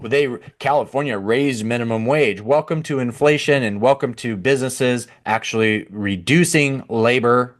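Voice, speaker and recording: A man hosting a podcast, reading from an article and breaking off into sarcastic, animated commentary with mock voices and laughter. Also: medium pitch. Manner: sarcastic, animated, laughs at his own jokes. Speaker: podcast host. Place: at a computer.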